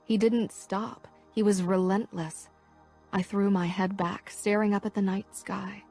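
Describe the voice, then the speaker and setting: A woman reading a first-person romance audiobook in a soft, half-whispered, unhurried way, with faint music behind her. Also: mid-range voice, steady tone, slightly rough. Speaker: audiobook narrator.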